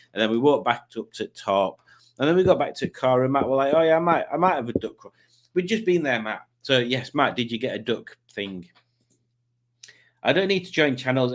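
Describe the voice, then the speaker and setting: A man hosting a livestream in casual chat, reading out viewer comments in a rambling, jokey way. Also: medium pitch. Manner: rambling and jokey, with frequent ums and self-corrections. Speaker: livestream host.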